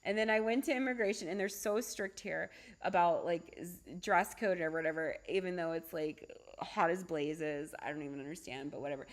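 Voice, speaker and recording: A middle-aged woman, a holistic doctor, talking casually on a livestream, chatty and animated, often asking "right?" and laughing. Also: lowish voice, moderate pace. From United States. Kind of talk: casual livestream talk with storytelling.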